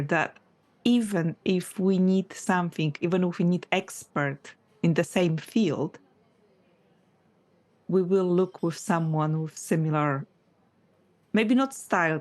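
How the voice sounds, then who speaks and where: Low-voiced woman thinking aloud on a podcast. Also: a little mellow. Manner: thinks aloud, restarts and apologizes, laughs at herself. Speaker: podcast co-host. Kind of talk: casual business podcast chat.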